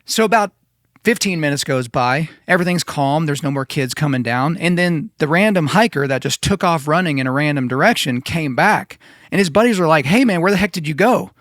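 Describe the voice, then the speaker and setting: A man's voice: on the high side, expressive, a little fast, fairly bright tone, dry recording, clean studio sound. A man in his thirties hosting a solo podcast, talking conversationally and emphatically, often repeating himself. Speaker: podcast host.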